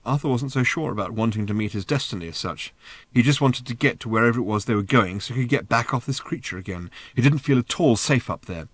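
A man narrating an audiobook in a measured, expressive reading. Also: medium pitch, dry recording. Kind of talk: scripted narration.

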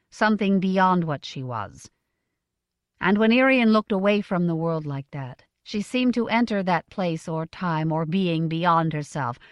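A woman narrating an audiobook in a measured, expressive way. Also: lowish voice, no echo, lo-fi sound. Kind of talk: scripted narration.

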